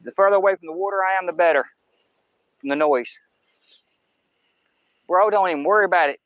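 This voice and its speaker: A man's voice: high voice, a little fast, long pauses, no room sound, phone-quality sound. A man hosting a fishing livestream on a riverbank at night, rambling in a folksy way to his viewers. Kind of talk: casual live-stream chat. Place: outdoors on a riverbank by woods at night. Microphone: camera-mounted microphone near water.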